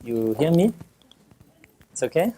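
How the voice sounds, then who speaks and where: A man with a French accent gives a guest lecture in a hall, speaking into a mic. His voice is dark and relaxed, and he feels his way through sentences with many ums and restarts. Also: on the high side. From south of France. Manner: halting, many fillers and restarts. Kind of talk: conference talk.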